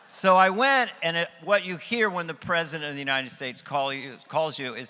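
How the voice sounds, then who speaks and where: A man doing stand-up at a private event, telling a story in an animated, self-mocking way, heard in a reverberant hall. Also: on the high side, moderate pace, hardly any pauses. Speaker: stand-up comedian. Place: event stage. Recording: reverberant hall with faint music.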